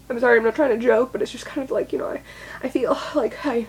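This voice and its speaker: A young woman records a confessional vlog monologue in a high-pitched, husky, expressive voice that runs fast. She rambles, swears, and runs herself down, punctuating it all with nervous laughter.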